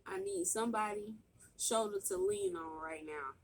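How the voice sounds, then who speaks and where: A woman's voice: mid-range voice, moderate pace, slight background noise. A woman vlogger chatting casually to her viewers at home during a mukbang, dramatic and joking. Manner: dramatic, pleading to the Lord in a sing-song wail. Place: indoors at home.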